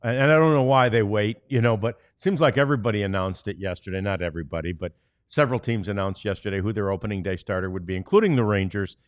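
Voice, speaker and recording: A man's voice: on the low side, quick pace, no room sound, clean studio sound. A man from the United States hosting a sports podcast, chatting easily with many fillers and reading ads. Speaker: podcast host. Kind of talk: casual sports podcast chat, ad reads.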